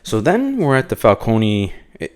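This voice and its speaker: A man's voice: on the low side, wildly swooping pitch, moderate pace, smooth. A man hosting a casual comic book review podcast, rambling with many fillers and restarts. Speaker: podcast host.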